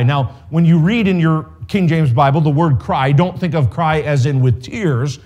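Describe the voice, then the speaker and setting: A man preaching an expository sermon as a pastor, earnest and measured, with direct appeals to his listeners. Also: a little high, a little mellow.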